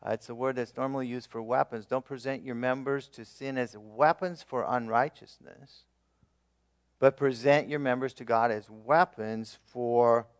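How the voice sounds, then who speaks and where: A man preaching a sermon as pastor, earnestly leading his congregation in repeated declarations, with emphatic swings in loudness and occasional fillers. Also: mid-range voice, fairly even intonation, normal speed.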